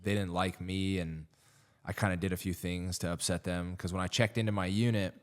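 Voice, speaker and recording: Low-voiced guy on a podcast spinning a rambling, sweary story, casual chat. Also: steady tone, a little fast. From Las Vegas, USA. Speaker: comedian guest. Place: podcast studio.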